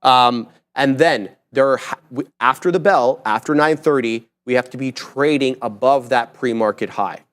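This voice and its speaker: A man hosting a live trading stream, talking through his trades and chart levels in brisk, self-mocking banter. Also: mid-range voice, a bit bright, clean tone. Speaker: live trading show host. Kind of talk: live market commentary.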